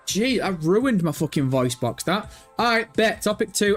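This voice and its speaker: In a high-pitched, sing-song voice at normal speed with few pauses, a man hosts a casual livestream. He reads viewer messages aloud, rambles through his answers and swears freely, with faint background music present.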